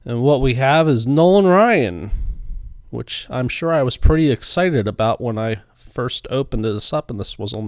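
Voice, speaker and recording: Middle-aged man, chatty voice-over, smooth clear voice, dry close sound, relaxed. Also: medium pitch, dry recording. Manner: relaxed, chatty, unsure of pronunciations. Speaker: card-opening video host. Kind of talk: casual voice-over narration.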